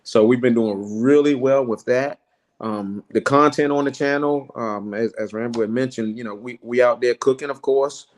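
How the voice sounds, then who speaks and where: A man's voice: mid-range voice, normal speed. Guy on a stream panel, casual and grateful, keeps coughing. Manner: animated, exclaiming, grateful. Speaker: panel guest, channel owner. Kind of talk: casual chat.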